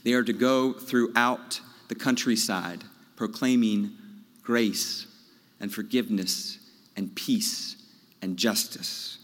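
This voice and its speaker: A man preaching a sermon as pastor, telling a story in a measured way before leading his congregation in prayer. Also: medium pitch, a bit bright. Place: large church sanctuary. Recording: long church reverb.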